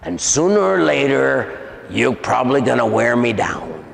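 A man voicing a deep-voiced, scheming male demon that talks slowly and coaxingly, in an echoey hall. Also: big pitch swings, heavily acted. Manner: slow, coaxing, smooth-talking. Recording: echoey hall with long reverb.

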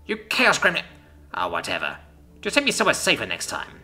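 A man voicing a panicky female alien captain with tentacles, squealing in a high voice. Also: wildly swooping pitch, a little fast, pushed and bright, soft background music, heavily acted. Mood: grumpy.

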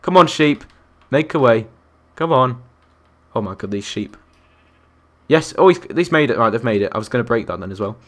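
Young guy gaming, chatty and excitable, coaxes animals and chats to viewers. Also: mid-range voice, fairly quick. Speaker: gaming YouTuber. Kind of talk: Minecraft let's-play commentary.

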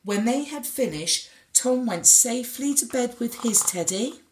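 A woman reading a children's storybook aloud with expressive storytelling. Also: on the high side, a little slow, a little hiss or hum. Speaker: storybook reader. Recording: echoey room.

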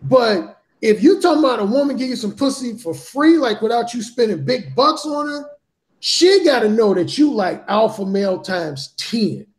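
A man's voice: extremely high pitch, expressive, normal speed. Blunt, profane male storyteller. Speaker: podcast guest, dating author. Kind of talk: casual storytelling in a talk show.

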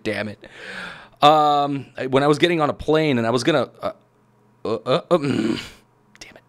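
A man hosting a gaming video, giving excitable gameplay commentary and shouting at the game. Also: fairly low pitch. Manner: excitable, yells at the game, chuckles. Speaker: gaming channel host.

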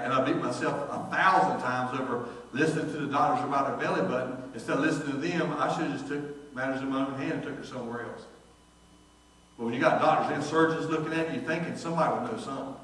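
A man, a pastor preaching a sermon and telling folksy stories, quoting the people in them with lively voices. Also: mid-range voice, slight background noise. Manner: folksy storytelling, animated quoting of others. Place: church sanctuary. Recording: distant echoey church recording.

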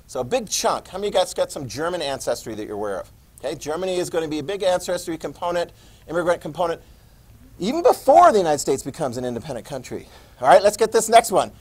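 Animated male teacher, high lively voice. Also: quick pace, poor audio. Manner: lively, quizzing students and repeating key words. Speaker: history teacher. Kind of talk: classroom lecture with questions to students. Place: classroom.

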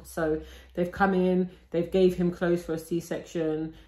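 A woman's voice: lowish voice, level tone, takes it slowly, mellow. A young woman telling her labour story to her camera in a chatty, breathless way, full of likes and restarts. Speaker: vlogger. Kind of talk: casual storytime. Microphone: camera she films herself with. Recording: roomy echo.

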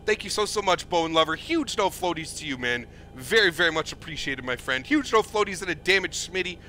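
A man's voice: a little high, expressive, a little fast, sharp tone, a little hiss or hum. A young man streaming a flight simulator, chatting upbeat and thanking donors over and over. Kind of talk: live gameplay commentary.

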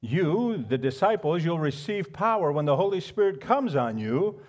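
A man preaching a sermon as pastor, swinging between hushed, reflective lines and loud, animated outbursts. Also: on the high side, normal speed. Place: church sanctuary.

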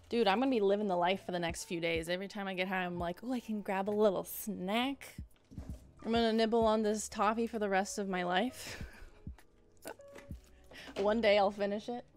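A young woman streamer chatting casually and joking as she taste-tests snacks, often giggling. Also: mid-range voice. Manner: bubbly, jokey, giggly. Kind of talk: casual taste-test chat.

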